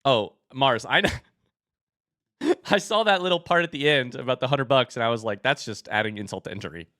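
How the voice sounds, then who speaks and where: Bright, excitable male streamer. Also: brisk, no room sound, studio quality. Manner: excitable, bursts into high shouts; hype commentary. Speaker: streamer opening card packs. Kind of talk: live stream chat.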